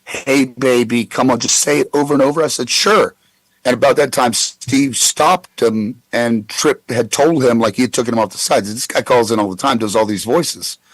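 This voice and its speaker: A man's voice: medium pitch, fairly quick, hardly any pauses, dry recording, poor audio. A man in his forties who tells rambling anecdotes with stammered restarts in a casual interview. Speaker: guest voice actor.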